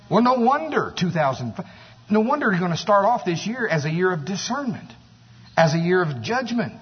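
High husky preacher man, gets loud and fired up, echoey hall, kinda muffled. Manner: animated, exclaiming, mocking voices. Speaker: pastor. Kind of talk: sermon. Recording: distant hall reverb, dull sound.

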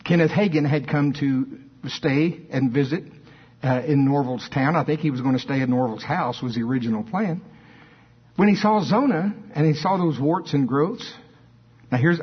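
A male preacher telling a story in an emphatic, animated sermon, with asides to the congregation. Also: on the high side, husky. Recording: dull lo-fi sermon recording.

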